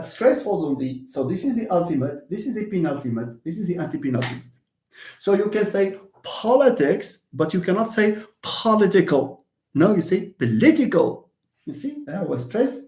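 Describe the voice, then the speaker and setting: A man's voice: a little high, mellow. A man giving a live English lesson, explaining and repeating words and answering viewer questions. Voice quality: switches between English and Moroccan Arabic. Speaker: English teacher. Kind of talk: live online lecture. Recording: echoey room.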